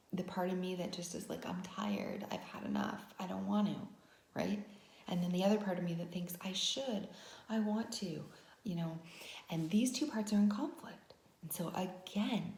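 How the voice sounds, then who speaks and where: A woman's voice: medium pitch, dark tone, roomy sound. A woman vlogger telling a personal story as a lesson, talking conversationally with frequent "right?" asides. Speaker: wellness vlogger.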